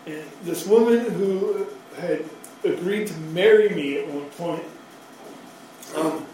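High-voiced man in an echoey hall. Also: takes it slowly, a little mellow, distant mic, a little hiss or hum. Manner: rambling, profane and self-mocking. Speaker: speaker sharing his recovery story. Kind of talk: personal storytelling.

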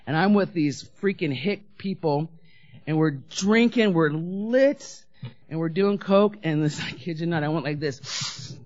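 A woman's voice: low voice, unhurried, a little mellow. Woman telling her sober story straight, cussing, doing everyone's voices, dull lo-fi sound. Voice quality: blunt, profane, acts out quoted voices. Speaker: recovering alcoholic sharing her story. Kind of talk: candid personal recovery talk. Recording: dull lo-fi recording.

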